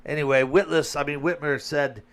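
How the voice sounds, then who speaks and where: Blunt ranting man with a fairly high voice. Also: fairly even intonation, moderate pace, a bit bright. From Flint, Michigan. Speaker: vlogger. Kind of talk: casual opinion monologue.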